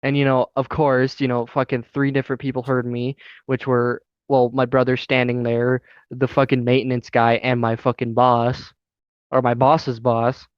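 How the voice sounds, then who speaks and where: A man's voice: mid-range voice, monotone, moderate pace, smooth, no echo, highs cut off. A young man telling a story in casual chat as a podcast co-host, heated and profane throughout.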